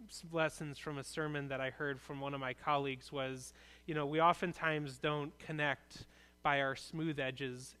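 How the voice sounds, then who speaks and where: A male pastor gives a relaxed, conversational sermon in a church, earnest and plain-spoken. His voice is smooth and resonant and sits a little high, and he often circles back over his own words before going on. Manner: conversational, earnest preaching with frequent restarts.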